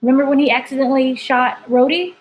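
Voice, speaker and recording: An entertainment editor, a woman, rambles casually through a spoiler review of a TV episode, saying "like" and "you know" constantly. Her voice sits high and she talks quickly. The recording is muffled, with slight background noise.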